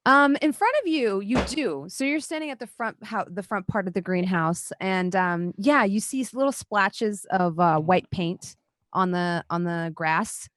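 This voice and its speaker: A woman game master casually narrates a tabletop role-playing game in an online session from home, giving descriptive narration full of fillers. Her voice is medium-pitched and a bit bright, at a measured pace, on a dry mic with no echo.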